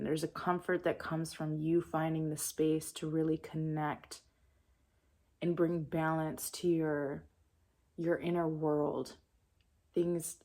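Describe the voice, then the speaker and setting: Spiritual reader: woman, slow and meditative, low voice with a gravelly edge. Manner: calm, soft-spoken and meditative. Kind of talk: channeled spiritual message.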